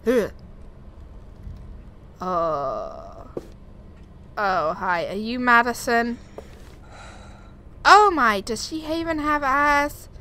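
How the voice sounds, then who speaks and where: A woman's voice: fairly high pitch, slow pace, pauses often. Jumpy young woman playing a horror game. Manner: jumpy, talks to herself, frightened exclamations. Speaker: gaming YouTuber. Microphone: desk USB microphone. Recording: steady background noise.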